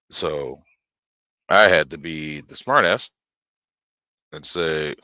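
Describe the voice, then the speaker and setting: A man's voice: very deep voice, slow, pauses often, pushed and bright, dry recording. A man streaming, telling rambling stories with lots of swearing and fillers. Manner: profane, rambling, with many fillers. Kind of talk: casual storytelling chat.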